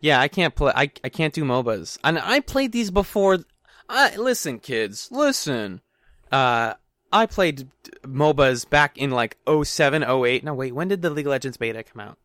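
A man's voice: medium pitch, very animated, moderate pace, a bit bright, dry recording, studio quality. A man hosting a podcast segment, telling self-deprecating stories in casual chat. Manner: self-deprecating, storytelling, laughs easily.

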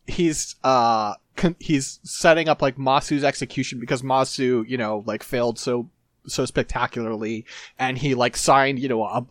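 A man's voice: medium pitch, no room sound, clean studio sound. A man co-hosting a casual book discussion, rambling and jokingly paraphrasing characters. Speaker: podcast co-host.

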